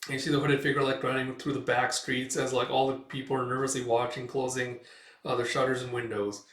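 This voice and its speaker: A man's voice: medium pitch, little pitch movement, a little fast, a bit bright. A man casually recapping a comic in a rambling way, full of fillers. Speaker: comic reader and reviewer. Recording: roomy echo, distant mic.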